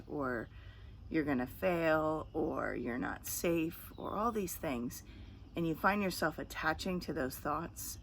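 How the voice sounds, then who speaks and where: Low-voiced woman coaching on anxiety. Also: a little hiss or hum. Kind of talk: self-help talk to camera.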